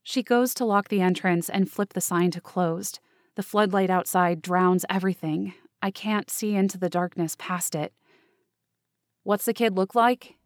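A woman's voice: fairly low pitch, fairly even intonation, normal speed, no room sound. A woman reading first-person scripted narration for a fiction podcast, in a close, anxious inner-monologue manner.

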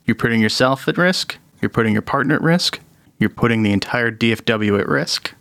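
A man's voice: medium pitch, expressive, brisk, creaky, fairly bright tone, no echo. A man voicing a laid-back, cool retired male diver who is wary of trouble.

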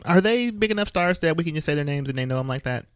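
A man co-hosting a podcast, joking and quick with a quip in casual chat. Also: a little high, expressive. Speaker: podcast co-host.

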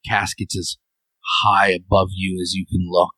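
A man with a deep voice narrates a tabletop game as game master. He takes his time, drawing out each description with pauses. The recording is dry and close. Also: monotone, bright, forceful tone, dry recording, poor audio.

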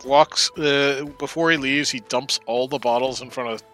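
Bright-voiced man playing a tabletop game. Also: medium pitch, fairly even intonation, moderate pace, faint music behind. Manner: describes his character's actions in third person. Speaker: player. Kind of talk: casual tabletop play.

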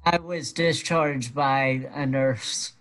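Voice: mid-range voice, fairly even intonation, takes it slowly, fairly bright tone. A guest telling a personal story in a casual, wry and matter-of-fact way.

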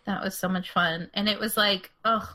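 A woman's voice: mid-range voice, fairly even intonation, moderate pace, sharp tone. A woman co-hosting a podcast in casual chat, giggly and full of "like". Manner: chatty, giggly, lots of "like". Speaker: podcast co-host.

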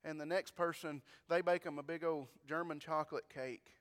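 A male pastor preaches in a clear, high voice, speaking to the congregation with folksy rhetorical questions and frequent restarts. His voice rings out with a long reverb from the church sanctuary. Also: fairly even intonation, normal speed, fairly bright tone. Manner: conversational preaching, repeats words, rhetorical questions. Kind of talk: sermon.

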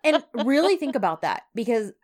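A woman co-hosting a casual chat, retelling a show's scenes with lively quoted lines. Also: a little high, a little fast. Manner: animated storytelling, quoting characters. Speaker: podcast co-host.

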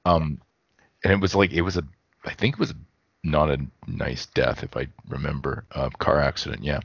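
A man's voice: a bass voice, fairly even intonation, moderate pace, creaky, breathy edge, no echo, muffled recording. A man co-hosting a podcast in casual chat, thinking aloud and correcting himself as he goes. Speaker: podcast co-host.

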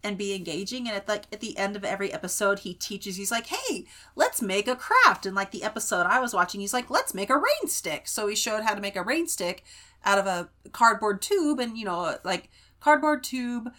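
A young woman co-hosting a casual podcast chat, telling stories in an animated way. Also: mid-range voice, fairly quick. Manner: animated storytelling, mimics voices when retelling. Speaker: podcast co-host.

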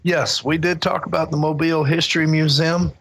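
A man's voice: a little high, flat delivery, brisk, vocal fry, a bit bright, slightly rough, dry recording, low-quality recording. A middle-aged man co-hosting a casual podcast, rambling easily with restarts and small chuckles. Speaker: convention organizer and podcast co-host.

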